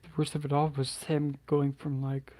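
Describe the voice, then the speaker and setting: A soft-spoken man recounts a personal story to camera, his voice mellow and dark. He speaks haltingly, restarting phrases and sighing often, and his pitch stays flat and level. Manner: halting, hesitant, with many restarts and sighs. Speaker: channel host.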